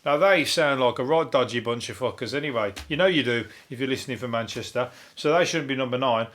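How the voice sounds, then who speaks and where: A man from Birmingham with a Brummie accent, hosting a solo comedy podcast, riffing on the news in a deadpan, sweary, rambling way. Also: mid-range voice, fast. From Birmingham, England.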